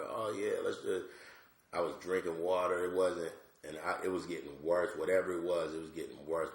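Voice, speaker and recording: Gravelly low-voiced man telling a story. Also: roomy sound. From Georgia, USA. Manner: animated, acts out voices with big pitch jumps. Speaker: comedian guest. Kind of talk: casual storytelling.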